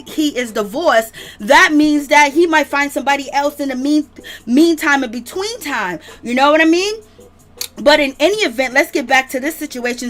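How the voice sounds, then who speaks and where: A woman hosting a casual livestream gossip show, drawling and animated, calling her viewers "baby". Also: high-pitched. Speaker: celebrity gossip host.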